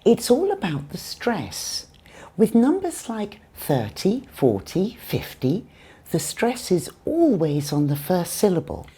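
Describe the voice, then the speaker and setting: A woman with a British accent teaching English pronunciation in a scripted lesson, saying numbers clearly and deliberately. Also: mid-range voice, very animated, warm tone. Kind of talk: scripted lesson with acted skits.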